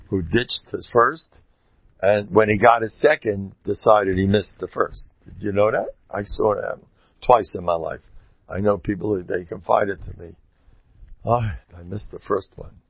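Gravelly man rambling through a sermon. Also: on the low side, unhurried, dry recording. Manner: rambling, animated storyteller. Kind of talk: sermon with storytelling. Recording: dull lo-fi dry recording.

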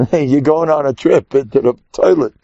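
A man's voice: medium pitch, moderate pace, vocal fry, warm tone, no echo. A man giving an informal, joking religious talk full of personal stories and Yiddish and Hebrew terms, in a dull lo-fi recording. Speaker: religious speaker.

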